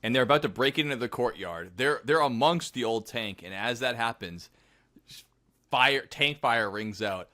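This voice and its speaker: A young man co-hosting a podcast, telling a war story in a casual, animated way with plenty of swearing. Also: medium pitch, normal speed. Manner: animated, profane storytelling with shouted put-on quotes. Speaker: podcast co-host.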